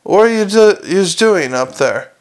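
A man's voice: high voice, lively intonation, a little slow, voice pushed up. A man reading aloud and voicing a tiny, fierce, mercenary male gnome. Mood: cheeky.

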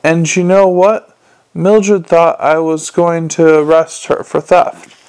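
A man voicing a gruff, weary police commander with a growling, clipped and forceful way of talking. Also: on the high side, steady tone, slow pace. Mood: angry.

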